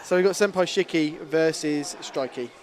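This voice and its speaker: A man's voice: fairly high pitch, normal speed. A man casually commentating a fighting game tournament, chatty and playful, often laughing.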